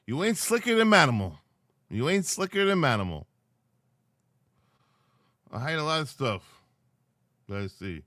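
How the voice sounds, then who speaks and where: A sleepy man hosts a livestream, teasing viewers in loose, casual chatter. His voice is fairly high and bright with a sharp edge. It sounds close and dry. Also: big pitch swings, normal speed, long pauses, no room sound. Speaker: livestream host.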